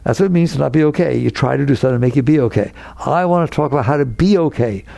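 A man's voice: mid-range voice, gravelly, dark tone, no room sound. A man giving a conversational spiritual talk to a live audience, full of rhetorical questions and teasing challenges to his listeners. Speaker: spiritual teacher.

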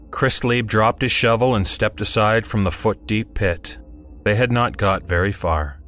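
Low-voiced man narrating horror. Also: a little slow, a bit bright, soft background music.

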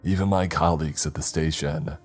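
A man voicing a stern older father who gives gruff commands, in a very deep voice. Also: fairly even intonation, fairly quick, a little mellow, faint music behind. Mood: angry. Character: stern older father, former policeman, angry.

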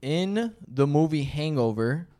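Slow-talking young man running a party quiz. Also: fairly high pitch, animated, dark tone, a little hiss or hum. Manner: laughing, swearing, announcing questions. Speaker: quizmaster of a drinking trivia game. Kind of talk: rowdy casual game hosting.

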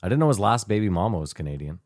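A man chatting on a podcast in a laid-back way, laughing often. His voice is quite low. The recording is dry and close. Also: animated, very fast, no echo. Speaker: podcast co-host. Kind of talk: casual chat.

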